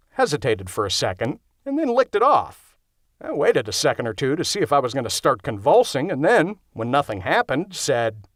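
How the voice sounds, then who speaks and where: A man's voice: mid-range voice, no echo, clean studio sound. A man narrating a horror-comedy audiobook in the first person, with a wry, conversational delivery.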